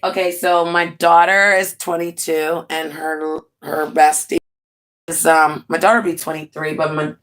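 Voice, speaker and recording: Broadcasting live from home, a woman in her forties chats with her viewers, animated and quick to laugh. Her voice is a little low for a woman, and she drifts between easygoing rambling and playful asides to the chat.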